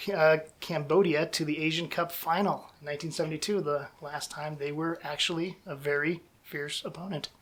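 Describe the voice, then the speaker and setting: A man hosting a casual podcast quiz game, reading names out slowly and joking between answers. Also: on the high side, fairly bright tone.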